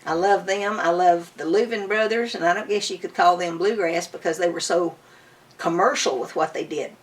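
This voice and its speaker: Speaking at a normal speed in a lowish voice, an older bluegrass musician chats enthusiastically through a casual storytelling interview in her home. She recalls things fondly, and the mic picks her up from a distance.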